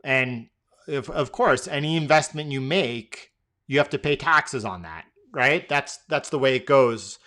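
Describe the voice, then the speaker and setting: A man's voice: medium pitch, unhurried, pushed and bright. A man hosting a live trading stream, answering viewer questions in a loose, rambling way with many fillers and restarts.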